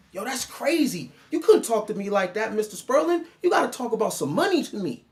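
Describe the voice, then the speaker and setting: High-voiced man lecturing mockingly. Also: big pitch swings, fairly quick. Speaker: online commentator. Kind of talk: reaction commentary monologue.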